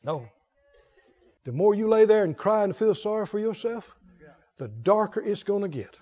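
A man's voice: high voice, expressive, moderate pace, dark tone, lo-fi sound. A man preaching a sermon to a congregation, emphatic and drawing out words for weight, asking the listeners questions. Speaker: pastor. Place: church before a congregation.

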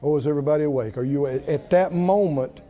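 A man preaching a sermon in a folksy, animated way, asking the congregation questions as he goes. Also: fairly high pitch, fast talker. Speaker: pastor. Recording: dull lo-fi recording.

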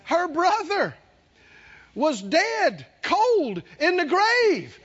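A man's voice: very high-pitched, extremely slow. A man preaching a sermon, telling a story with laughter and calling out to the congregation. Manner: animated, calls out to the congregation, laughs while telling. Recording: dull lo-fi sermon recording.

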